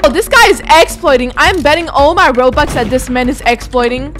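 A woman hosting a gaming video, chatting excitedly as she comments live on her gameplay. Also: sits high. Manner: chatty, excitable, quick reactions.

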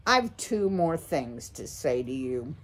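A woman's voice: extremely low pitch, very animated, takes it slowly, voice pushed down, heavily acted. A woman reading a storybook aloud, voicing a bossy, menacing male owl who demands and screeches impatiently. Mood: demanding.

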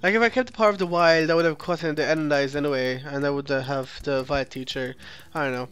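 Guy w a fairly high voice doing card game commentary, thinks out loud, keeps correcting himself, faint music behind. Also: steady tone, quick pace, smooth. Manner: critiques the opponent's plays. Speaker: let's play host. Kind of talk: gameplay commentary.

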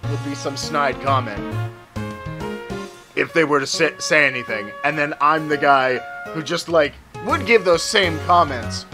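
Man, let's player, lively swooping voice, a bit high, jokey with swearing, game music behind. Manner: joking, swears, talks to the game's characters. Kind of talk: casual gameplay commentary.

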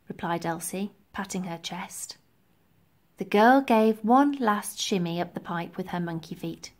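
A woman reading a children's storybook aloud, telling it in an expressive, lively way. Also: medium pitch. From England. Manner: lively, expressive storytelling with slow deliberate pacing. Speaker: reader.

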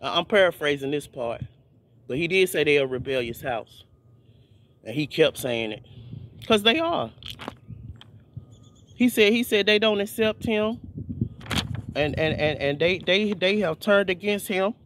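A man's voice: high-pitched, expressive, unhurried, long pauses, fairly bright tone, a little hiss or hum. A man preaching in an informal video sermon, fervent and repetitive, often restarting his phrases.

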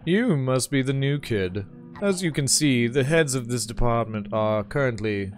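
A man's voice: medium pitch, animated, unhurried, faint music behind, pitched above the performer's own voice, natural voice. A man voicing an arrogant, narcissistic demon department head with a New York accent who talks down in a haughty, impatient way.

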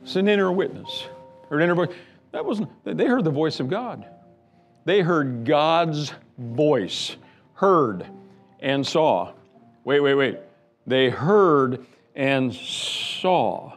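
A man's voice: fairly high pitch, animated, slow, faint music behind. A man preaching a sermon as pastor, emphatic and fond of repeating words and building lists. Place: church sanctuary.

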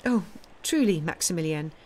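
A woman's voice: fairly low pitch, lively intonation, normal speed, darkish tone. A woman reading aloud and voicing a fragile, feverish young woman with a strained, teasing tone.

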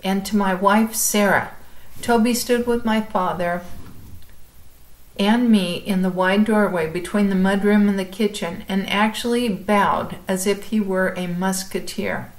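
Calm woman reading a chapter book. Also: medium pitch, low-quality recording. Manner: calm, measured storytelling. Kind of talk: chapter book read-aloud.

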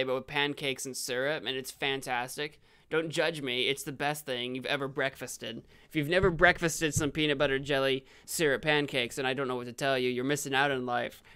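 A young man live-streaming a video game, rambling and correcting himself, with sudden excited outbursts. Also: a little high, clean tone.

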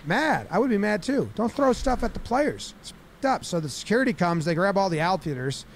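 A man breaking down baseball game footage in a lively, casual way, acting out what the players say. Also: sits high, fairly quick, slight background noise. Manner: animated, acts out players' lines in exaggerated voices. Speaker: baseball commentator.

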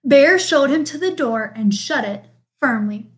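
Woman reading a kids book out loud, high voice, takes it slow. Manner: slow, expressive read-aloud delivery. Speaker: storybook reader. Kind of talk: reading a picture book aloud.

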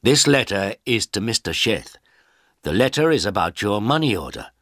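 A man's voice: on the low side, sing-song, normal speed, fairly bright tone, no room sound, studio quality. A man doing a kindly school teacher. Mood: helpful. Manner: kind, helpful. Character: helpful male village school teacher.

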